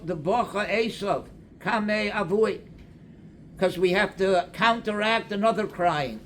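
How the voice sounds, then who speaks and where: An older man, a rabbi delivering a slow, deliberate sermon that mixes Hebrew and Aramaic quotations into English. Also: high-pitched, a bit bright, a little hiss or hum.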